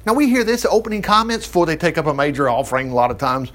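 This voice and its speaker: A man preaching, reading scripture aloud and breaking in with lively, joking asides. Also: fairly high pitch, racing. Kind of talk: Bible teaching with commentary.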